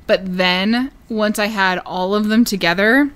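A woman's voice: medium pitch, a little slow, fairly bright tone, clean tone. A woman co-hosting a casual podcast, giggling often and talking with many fillers as she recaps a TV show. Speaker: podcast co-host.

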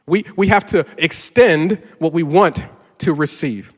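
High-voiced pastor guy preaching, gets louder telling stories, big hall echo. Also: moderate pace. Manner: animated, gets louder and higher telling a story. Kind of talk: sermon with storytelling. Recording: reverberant hall.

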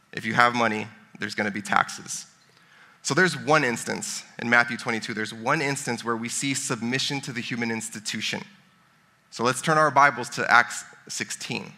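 A man's voice: medium pitch, bright, forceful tone. A man in his thirties giving a casual sermon, chatting and joking with the congregation. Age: 30s. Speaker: pastor.

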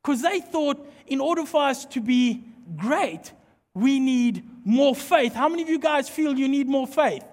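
A man preaching a sermon, animated and playful as he jokes with the congregation. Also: extremely high pitch, unhurried. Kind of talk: sermon with humorous storytelling. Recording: long hall reverb.

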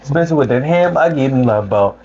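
A man's voice: mid-range voice, animated, fast talker, a little mellow, husky. Young man joking in laid-back banter. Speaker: podcast co-host. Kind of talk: casual chat. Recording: muffled lo-fi sound with faint background noise.

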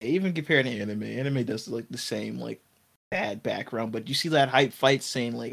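A man's voice: mid-range voice, animated, moderate pace, creaky. A man co-hosting a casual review podcast, talking in a loose, rambling way with heavy use of "like". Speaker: podcast co-host.

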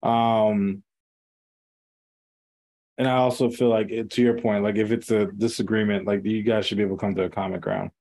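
A man's voice: fairly low pitch, level tone, normal speed, pauses often, darkish tone. A man co-hosting a casual podcast chat, with loose slangy talk and frequent laughter. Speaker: podcast co-host.

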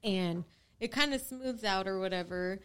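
A young woman in casual chat, telling a story with lively quotes and casual swearing. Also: mid-range voice, moderate pace, clear, resonant tone. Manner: animated, swears freely, acts out quotes.

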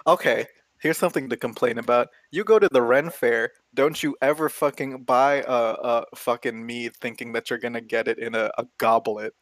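A man in casual chat who tells a long story full of swearing and laughter. His voice sits at a middle pitch. He sounds close and dry, with no room sound around him. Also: moderate pace, no room sound. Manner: profane, rambling, laughs as he talks.

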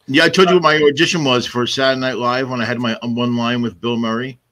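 Bright-voiced podcast host, quick and offhand. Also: male voice, mid-range voice, fairly even intonation. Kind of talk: casual podcast chat.

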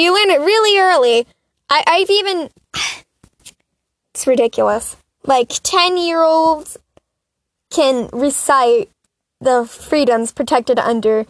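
A woman's voice: sits high, a bit bright, no room sound. A woman hosting her own solo political commentary podcast, talking in an impassioned, exasperated rant with chatty, self-mocking asides. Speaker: podcast host.

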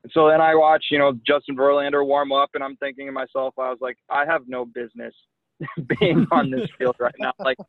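A young man, a professional pitcher, telling a lively anecdote in casual chat, full of "like" and "you know". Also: a little fast, no room sound. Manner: animated anecdote telling with many likes and you knows. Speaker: guest, pro baseball pitcher. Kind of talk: casual storytelling. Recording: tinny phone line.

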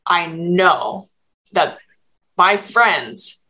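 A woman's voice: fairly low pitch, animated, drawn-out words, pushed and bright. A woman in her thirties telling a personal story in a candid, rambling way, with many restarts and fillers, as a podcast host. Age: 30s.

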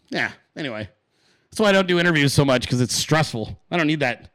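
A man hosting his own show in a loose, swear-heavy rant, his pitch swinging wide as he acts out little voices in his stories. His voice sits a bit high for a man, and the sound is dry and close with no room echo. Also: expressive, moderate pace, a bit bright. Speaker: podcast host. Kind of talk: casual profane rant.

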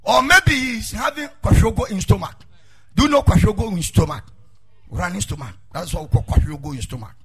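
A male pastor preaching a sermon, dropping low and then rising into sung, shouted lines. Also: lively intonation, brisk, slightly rough. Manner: swings from murmuring to sung shouts. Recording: faint music behind.

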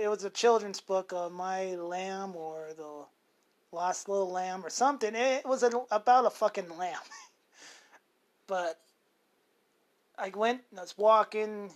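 A man's voice: sits high, slow pace. A man in his forties, hosting an unscripted monologue. He rambles, corrects himself often and swears freely. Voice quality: rambling, with many self-corrections and fillers. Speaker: show host.

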